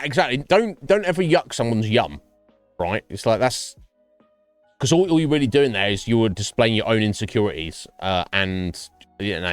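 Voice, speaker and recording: A man's voice: fairly low pitch, no echo. A man streaming and chatting casually with his viewers, rambling and swearing freely. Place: home streaming setup.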